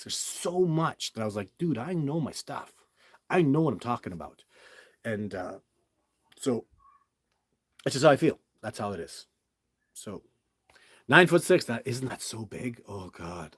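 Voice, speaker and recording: Middle-aged male live-stream host: husky, dry close sound, emphatic, rambling delivery. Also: medium pitch, dry recording. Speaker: Bigfoot researcher answering viewer questions. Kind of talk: live stream Q&A, casual monologue.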